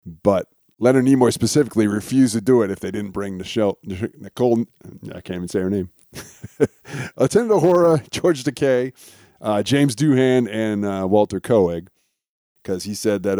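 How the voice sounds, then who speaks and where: A man's voice: lowish voice, no echo. Dry-voiced man sharing show trivia. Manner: relaxed storytelling of show trivia, chuckles often. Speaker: podcast co-host. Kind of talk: casual podcast chat.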